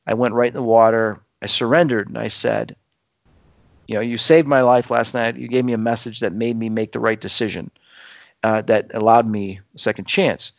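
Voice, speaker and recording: A man's voice: mid-range voice, moderate pace, creaky, no echo, highs cut off. A man telling a dramatic personal story to listeners, acting out the quoted voices as he goes. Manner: acts out quoted voices, lively and emphatic.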